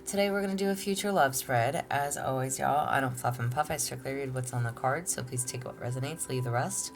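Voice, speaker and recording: Chatty low-voiced woman tarot reader. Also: a little fast, soft background music. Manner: chatty, laughs often, says y'all. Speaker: tarot reader, channel host. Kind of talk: casual tarot reading. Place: home.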